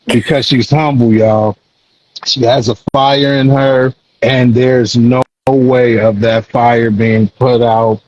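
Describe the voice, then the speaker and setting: A podcast host runs a casual talk show in a loose, slang-heavy, hyped-up way, heaping affectionate praise on his guest. His voice is mid-range and a little mellow, with the highs cut off.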